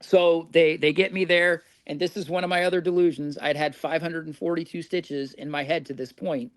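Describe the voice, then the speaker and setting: Fairly high in pitch, this man talks at normal speed with fairly even intonation, recorded without room sound. He's a forty-something podcast guest from Indiana who tells stories in a relaxed, chatty way, chuckling as he goes.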